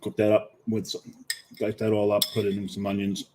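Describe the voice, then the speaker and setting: A man's voice: on the low side, completely flat delivery, fairly quick, a little mellow, a little hiss or hum. A man co-hosting a casual chat show, laid-back, joking dryly and talking while he eats. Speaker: co-host.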